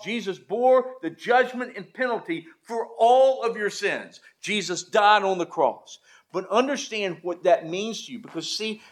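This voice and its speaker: Pastor, male, high-pitched voice, emphatic sermon delivery with repetition and homely asides. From American South.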